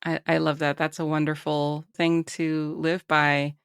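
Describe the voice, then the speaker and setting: A woman's voice: low voice, flat delivery, measured pace, clean tone, dry recording, studio quality. A woman hosting a podcast, asking friendly questions in a casual interview.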